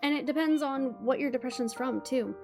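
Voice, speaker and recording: A woman co-hosting a podcast, speaking in an animated, emphatic way in candid casual chat. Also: high voice, a little fast, gravelly, music in the background. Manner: animated and emphatic, laughs easily. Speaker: podcast co-host.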